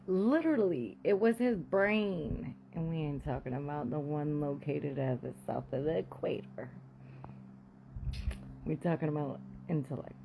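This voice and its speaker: A woman's voice: low-pitched, a little hiss or hum, poor audio. A woman telling a casual storytime monologue, blunt, profane and candid, sometimes dropping suddenly into a whisper. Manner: animated, with sudden drops to a whisper.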